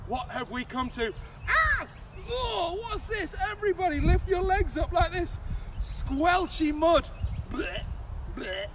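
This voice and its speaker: A man coaching young children through a playful movement game, animated and full of sound effects. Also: very high voice, measured pace, a little hiss or hum. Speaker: kids' soccer coach.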